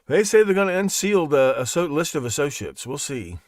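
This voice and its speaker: Man, podcast host, sarcastic, rambling, lively pitch, dry close recording. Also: normal speed, no room sound. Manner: sarcastic, rambling, laughs at own jokes. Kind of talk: casual monologue.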